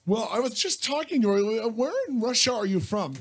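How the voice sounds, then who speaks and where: A man's voice: very high-pitched, expressive, moderate pace. A man co-hosting a casual radio show, teasing his guest and laughing often. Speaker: radio co-host.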